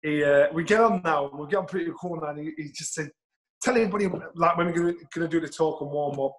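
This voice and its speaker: A middle-aged man tells an anecdote with a fairly high voice for a man. He is lively and blunt, swears freely and acts out each quote. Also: quick pace, rough recording. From England. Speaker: guest storyteller. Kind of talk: anecdotal storytelling.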